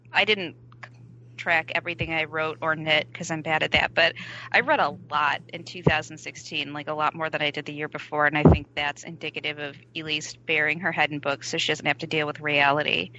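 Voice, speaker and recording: Brief: woman co-host, lowish bright voice, dry teasing, muffled remote mic. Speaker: podcast co-host. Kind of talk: casual chat. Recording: dull lo-fi mic.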